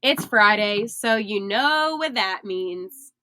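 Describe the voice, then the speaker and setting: A young woman hosting a sports podcast, animated and emphatic, laughing at herself now and then. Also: medium pitch, slow, background noise. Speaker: podcast host. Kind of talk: excited sports podcast talk.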